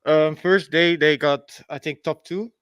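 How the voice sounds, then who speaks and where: A man's voice: on the high side, steady tone, unhurried, a bit bright, clean tone, dry recording. A man with a Dutch accent calling in to a podcast, giving his opinion hesitantly and hedging with fillers. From Netherlands. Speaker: caller.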